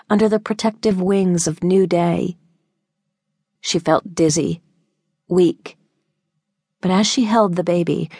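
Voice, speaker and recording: Woman narrating an audiobook, low and dry. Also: a little mellow, no room sound. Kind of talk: scripted narration. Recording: dry close studio sound.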